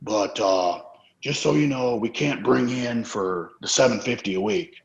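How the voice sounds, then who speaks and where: A man's voice: mid-range voice, expressive, normal speed, vocal fry. A man telling rambling, profane anecdotes as a guest in a casual interview. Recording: roomy, dull lo-fi sound.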